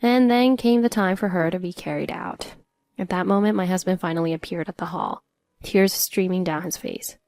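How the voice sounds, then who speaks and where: A woman's voice: on the low side, normal speed, gravelly, darkish tone, dry recording. A woman narrating a first-person story in an earnest, emotional way.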